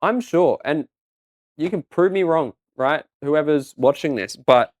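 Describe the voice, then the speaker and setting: A man's voice: a little high, lively intonation, measured pace, a little mellow, no room sound, muffled recording. A man co-hosting a casual livestream show, rambling through his points with many fillers and restarts. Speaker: co-host. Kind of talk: casual podcast chat.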